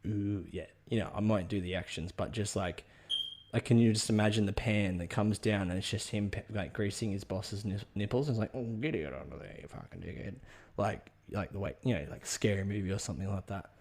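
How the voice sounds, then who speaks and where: A man's voice: fairly low pitch, brisk, darkish tone. A man hosting a podcast, rambling and swearing through a comic monologue. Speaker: podcast host.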